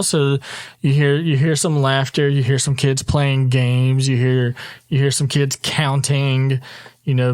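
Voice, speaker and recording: Easygoing man narrating a tabletop game. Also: mid-range voice. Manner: relaxed, meandering narration with many ums. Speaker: dungeon master.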